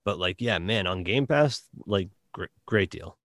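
A man with a Boston accent chatting casually about a game, halting with many restarts and fillers. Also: deep voice, expressive, fairly bright tone, slight background noise. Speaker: podcast guest reviewing a game. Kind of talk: casual chat.

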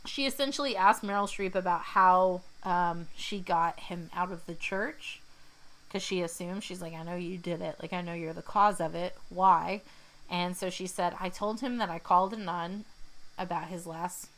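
A woman's voice: lowish voice, fairly bright tone, low-quality recording. Chatty woman retelling a movie. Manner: chatty, retells scenes in quoted voices. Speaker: podcast co-host. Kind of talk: casual movie recap chat.

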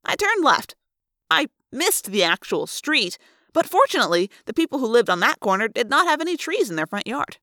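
Woman reading a book aloud, expressive, bright, animated, dry close sound. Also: a little high, normal speed, dry recording. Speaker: narrator. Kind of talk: fan read-aloud of a novel.

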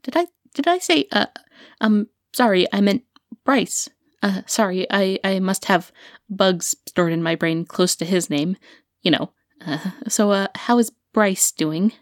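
A woman's voice: medium pitch, steady tone, unhurried, dry recording, studio quality, natural voice. An actress playing a young woman student who talks nervously, stammering with many fillers. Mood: anxious. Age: young adult. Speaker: student and podcaster.

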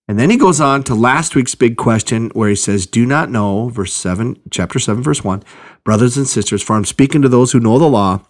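Lively conversational male preacher. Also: mid-range voice. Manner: conversational, with restarts and check-ins like "okay?" and "right?". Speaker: pastor. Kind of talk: sermon teaching through a Bible passage.

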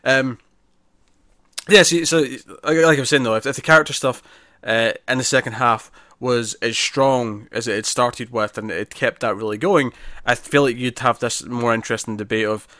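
A man co-hosting a casual podcast, chatting through a film review with lots of restarts and animated emphasis. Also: mid-range voice, normal speed, dry recording, clean studio sound. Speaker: podcast co-host.

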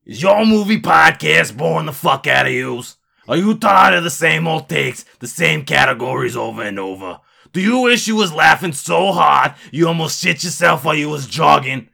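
A man putting on a loud hard-selling infomercial announcer voice. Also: expressive, normal speed, gravelly, full character voice. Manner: shouted hard-sell pitch.

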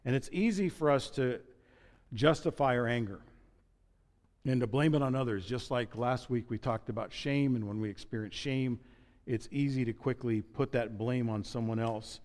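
A man's voice: medium pitch, moderate pace, a little mellow, in a large hall. A man preaching a sermon as pastor, conversational and joking, with asides and restarts.

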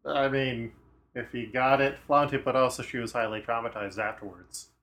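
A man's voice: medium pitch, fairly even intonation, normal speed, fairly bright tone. A man co-hosting a casual movie podcast, sharing trivia and murmuring agreement. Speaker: podcast co-host. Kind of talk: casual movie-review chat.

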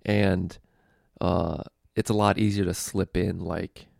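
A man's voice: sits low, level tone, takes it slowly, vocal fry, darkish tone, no room sound, clean studio sound. A young man casually telling a story with lots of fillers, swearing and laughter, hosting a comedy podcast. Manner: laid-back, profane, lots of fillers and laughs.

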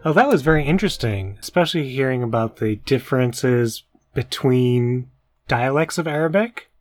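A man's voice: medium pitch, expressive, moderate pace, a little mellow, soft background music. A man co-hosting a casual educational podcast, who talks in a joking, self-deprecating way. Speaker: podcast co-host.

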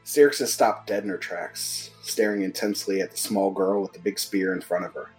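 A man narrating a tabletop role-playing game as game master, in a measured way that drops to a whisper at times. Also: fairly low pitch, fairly even intonation, a little mellow, breathy edge, faint music behind.

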